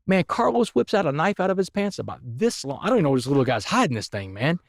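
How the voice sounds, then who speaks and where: A man, a podcast guest telling his story in an animated, emphatic way. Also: on the high side, fast, vocal fry, few pauses, no room sound, clean studio sound. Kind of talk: storytelling interview.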